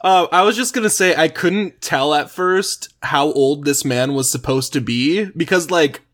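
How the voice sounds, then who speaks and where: A man on a casual podcast who mostly asks questions and reacts. His voice sits a little high, and he talks in a relaxed, curious way. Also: unhurried. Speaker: podcast co-host. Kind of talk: casual chat.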